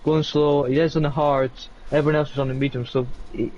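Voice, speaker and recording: A man co-commentating a sim race in a loose, halting way, full of likes and uhs. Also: on the high side, level tone, a little mellow. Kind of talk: live esports race commentary. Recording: dull lo-fi mic with faint noise.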